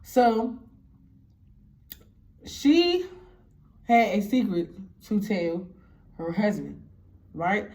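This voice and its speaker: A woman recounts a story in a casual, animated way. She swears freely and acts out what others said. Her voice sits at a middle pitch. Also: extremely slow, long pauses. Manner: animated, profane, acts out quotes.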